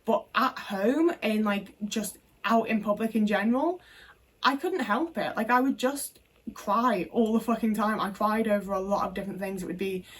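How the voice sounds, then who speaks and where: A young woman speaks candidly to her camera, telling personal stories in loose, everyday speech full of fillers and the occasional curse. Her voice sits at a middling pitch and sounds a little removed from the microphone. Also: moderate pace, recorded from a distance. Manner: frank and conversational, with casual swearing and many fillers. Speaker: vlogger.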